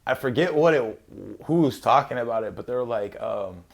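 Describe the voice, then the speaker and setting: A man hosting a podcast in casual chat, an animated storyteller who acts out quotes, swears freely and laughs often. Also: mid-range voice, moderate pace, gravelly. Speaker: podcast host.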